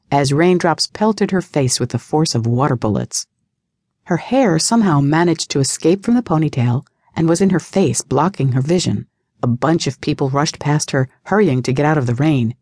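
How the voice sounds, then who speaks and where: A woman narrating an audiobook in a steady, even tone. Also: low voice, no room sound, studio quality. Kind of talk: scripted narration.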